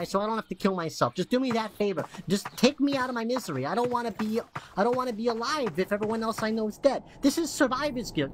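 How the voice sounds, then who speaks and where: A woman's voice: on the high side, a little hiss or hum, lightly acted. A woman voicing a tiny, melodramatic alien townsperson who rambles, whines and swears. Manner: rambling, whiny, swears a lot.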